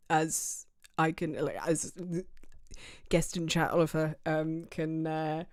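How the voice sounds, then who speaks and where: A woman's voice: low voice, a little mellow, clean tone, no echo, studio quality. An English woman streamer chatting casually, rambling with lots of fillers and restarts. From England. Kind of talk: casual livestream chat.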